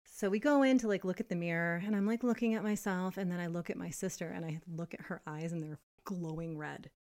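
A young adult woman co-hosting a casual podcast, telling a story in an animated way and laughing often. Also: lowish voice, a little fast. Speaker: podcast co-host. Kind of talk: casual chat.

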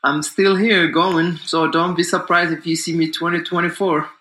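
A man's voice: on the high side, flat delivery, moderate pace, sharp tone, slight background noise. A man in his forties, a distance runner being interviewed, talks confidently in a loose, rambling way with lots of fillers. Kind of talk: casual interview talk. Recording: echoey room.

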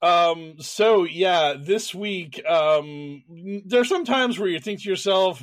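A man's voice: high voice, takes it slowly, few pauses. A man hosting a podcast, introducing the show and chatting loosely with many fillers. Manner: relaxed, filler-heavy hosting. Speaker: podcast host. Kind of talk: casual chat.

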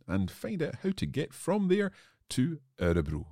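A man's voice: fairly high pitch, huge pitch swings, moderate pace, gravelly, warm tone, soft background music. A man hosting a language lesson podcast, joking at his own expense while discussing phrases with a teacher. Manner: self-deprecating, joking. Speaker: podcast host learning Swedish.

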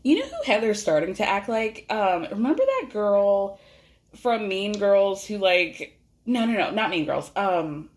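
A woman hosting a podcast, giving a chatty, animated recap of a reality show in casual, rambling speech. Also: mid-range voice, unhurried. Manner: chatty, animated, peppered with "like" and laughter. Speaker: podcast host. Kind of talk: casual pop culture recap monologue.

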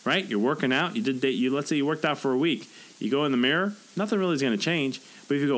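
A podcast host and author with a medium-pitched voice talks fast and animatedly on his solo motivational show, over a rough recording. He coaches earnestly and acts out the things people tell themselves.

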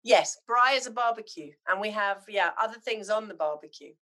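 A middle-aged woman from Zimbabwe, chatting as a podcast guest and telling animated, heartfelt stories. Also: mid-range voice, a little fast. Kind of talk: casual chat.

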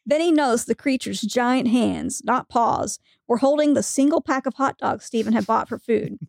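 A woman's voice: fairly high pitch, moderate pace, creaky, darkish tone, dry recording, studio quality. A woman co-hosting a podcast, reading a funny story aloud with frequent giggles. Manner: giggly storytelling, breaking into laughter. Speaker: podcast co-host.

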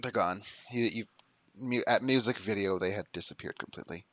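A man's voice: fairly low pitch, fairly quick, fairly bright tone, dry recording. A man narrating as game master of a tabletop game, rambling with lots of fillers and laughs.

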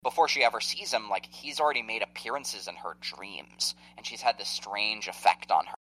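A man's voice: on the low side, moderate pace, sharp tone, poor audio. A man co-hosting a podcast, talking through a film plot in a rambling, hesitant way. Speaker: podcast co-host. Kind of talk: casual film discussion.

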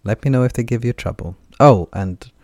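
A man's voice: medium pitch, a little fast, darkish tone, no echo, clean studio sound, voice pushed up, close to an everyday voice. A man voicing a brash, teasing healer woman. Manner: breezy, sarcastic, talks with many fillers.

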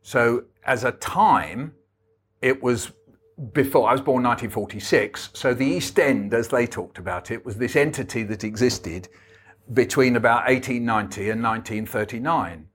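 A man's voice: medium pitch, moderate pace, a bit bright, husky. A man, a guest author telling wry anecdotes at a book talk. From England.

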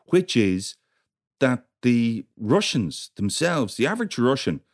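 Man, very lively intonation, casual podcast chat, teasing. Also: medium pitch. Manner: chatty, quick to react and tease. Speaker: podcast co-host.

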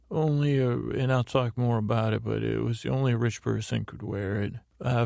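Host, male, gravelly and monotone, rambling episode recap, dry close sound. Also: mid-range voice, no room sound. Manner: meandering, halting, full of uh and restarts. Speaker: podcast host. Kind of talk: rambling sleep podcast recap.

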